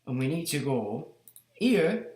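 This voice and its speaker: A man hosts a casual livestream, his high voice swinging widely in pitch. He exclaims, swears and mocks as he talks. The room around him is echoey. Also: big pitch swings, slow pace, darkish tone. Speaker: livestream host.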